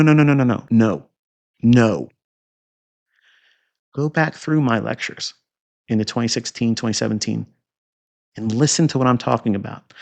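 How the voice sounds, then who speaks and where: A man with a gravelly, fry-laden voice delivers a recorded trading lecture while walking through charts. He speaks at an ordinary pitch, repeats himself for emphasis and fires off rhetorical questions. He turns mocking now and then. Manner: emphatic and repetitive, with sudden loud bursts and rhetorical questions; mocking and scornful asides. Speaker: trading educator.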